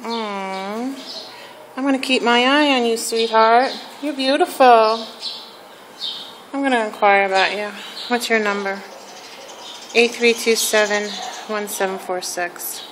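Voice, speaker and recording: A woman with a fairly high voice speaks slowly and coos baby talk at shelter dogs. The recording picks up clear background noise and barking from the kennels. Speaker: vlogger visiting a dog shelter. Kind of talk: casual vlog, talking to shelter dogs.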